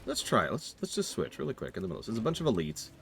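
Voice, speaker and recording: A man's voice: lowish voice, huge pitch swings, very fast, creaky, fairly bright tone, a little hiss or hum. A man streaming a video game, chatting casually in a rambling, self-mocking way, with game music behind him. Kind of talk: casual livestream chat while gaming.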